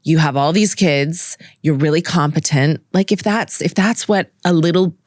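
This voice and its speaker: A woman's voice: deep voice, normal speed, a little mellow, no echo, studio quality. A woman in her forties hosting a podcast, frank, blunt and teasing in casual interview chat. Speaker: podcast host.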